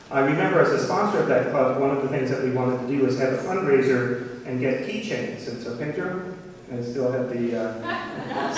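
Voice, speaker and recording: A man, a teacher, giving a halting formal introduction of a guest at a school assembly. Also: mid-range voice, a little hiss or hum. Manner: halting, many fillers. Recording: echoey hall from far off.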